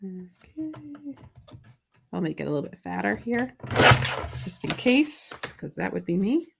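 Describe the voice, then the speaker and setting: A woman's voice: fairly low pitch, very animated, unhurried, gravelly, heavy background noise. Bubbly woman hosting a live craft demo. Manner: chatty, bubbly, self-deprecating, reads viewer comments aloud. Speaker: craft show host.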